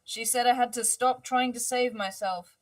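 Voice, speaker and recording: A woman playing a tabletop game with a somewhat higher voice and an urgent, quick way of asking things. She sounds set back from the mic. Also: fairly even intonation, far from the mic. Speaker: player.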